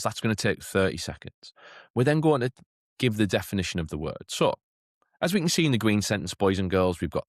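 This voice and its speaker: A man with a low, deep voice walks teachers through a classroom routine in a relaxed, chatty way, often checking in with "okay?". Now and then he lifts into a bright voice, as if talking to a class of children. The recording is dry and close, with no room sound. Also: no room sound. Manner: chatty, keeps asking "okay?". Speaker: teacher trainer. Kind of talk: teacher training talk.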